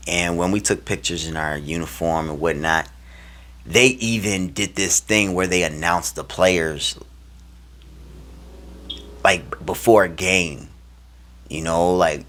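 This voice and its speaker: A man casually telling a personal story to camera, animated and slangy, acting out the lines he and others said. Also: low-pitched. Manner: animated, acts out his own and others' quoted lines; slangy, loose phrasing with many fillers.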